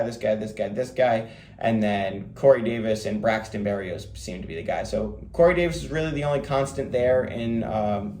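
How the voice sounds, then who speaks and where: A man hosting a fantasy football show, talking quickly in a casual, rambling way with lots of fillers. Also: on the low side, a little mellow, reverberant. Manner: rapid, rambling delivery with many fillers. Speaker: fantasy football podcast host. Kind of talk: casual solo commentary.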